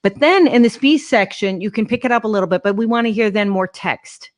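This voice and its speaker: A woman's voice: medium pitch, a little fast. Female voice teacher, encouraging, video-call sound, mid-range voice. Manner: warm, encouraging, demonstrates phrases in French. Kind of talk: live-streamed master class coaching.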